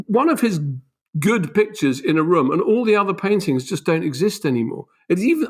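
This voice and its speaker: A man talks as a guest author in a lively, emphatic way, his voice jumping higher to stress a point. He sits fairly high for a man and keeps pressing ahead with restarts and asides. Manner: animated, emphatic, voice leaps up on key points. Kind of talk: conversational explanation.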